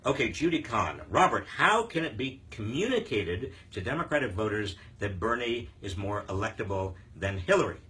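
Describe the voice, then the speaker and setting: A man's voice: fairly low pitch, very animated, moderate pace, hardly any pauses, pushed and bright. An older man hosting a live viewer Q&A on politics, talking emphatically with frequent fillers and restarts. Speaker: host answering viewer questions.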